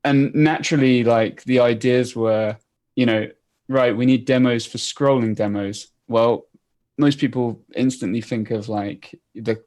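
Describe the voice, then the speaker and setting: A man's voice: mid-range voice, steady tone, a little slow, a little mellow. A man appearing as a guest developer, explaining his coding demos in a casual, rambling way. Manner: rambling, many fillers and restarts.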